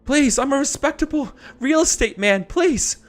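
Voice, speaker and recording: A man voicing a trapped, panicked real estate man's ghost, shrill and pleading. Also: lively intonation, normal speed, faint music behind.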